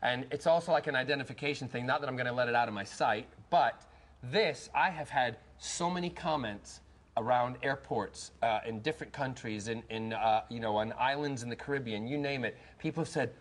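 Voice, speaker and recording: A man in his forties, born in Scotland but speaking with an American accent. He chats eagerly and laughs easily in a TV studio, his voice pitched mid-range. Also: brisk. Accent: American, Scottish-born. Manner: chatty, enthusiastic, laughs easily. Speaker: celebrity guest. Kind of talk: casual shopping-channel chat.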